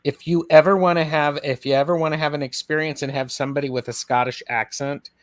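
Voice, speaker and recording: A man's voice: on the high side, steady tone, fast talker, no echo. Ohio man, host, hesitant with lots of fillers, dry close sound. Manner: hesitant, many fillers, restarts. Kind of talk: casual chat.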